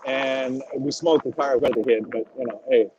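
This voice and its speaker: A middle-aged man, a former drag racer, telling animated and salty stories as a podcast guest. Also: mid-range voice, normal speed, background noise. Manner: animated, swears freely, acts out quotes. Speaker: retired drag racing driver as podcast guest. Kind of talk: casual storytelling interview. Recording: dull lo-fi audio.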